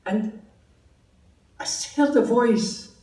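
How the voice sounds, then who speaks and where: A man's voice: very high-pitched, very slow, warm tone, reverberant, recorded from a distance, low-quality recording. A Scottish man giving a personal testimony at a meeting, telling his story in a chatty, humorous way. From Scotland. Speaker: testimony speaker.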